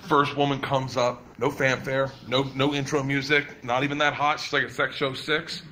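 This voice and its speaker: A man's voice: mid-range voice, little pitch movement, normal speed, heavy background noise. A man in his thirties doing a stand-up routine before a live audience, telling a profane story with laughing asides. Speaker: stand-up comedian.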